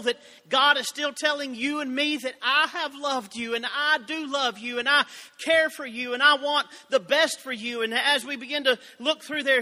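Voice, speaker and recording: A man's voice: very high-pitched, pushed and bright, long reverb tail. A man preaching a sermon, reading scripture and telling folksy, joking asides to his congregation. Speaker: pastor.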